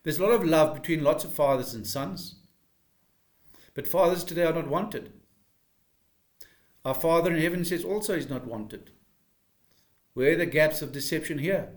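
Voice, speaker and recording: A man's voice: a little high, normal speed, long pauses. An older man from South Africa, giving a preachy talk full of rhetorical questions. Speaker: commentator. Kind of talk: speaking to camera.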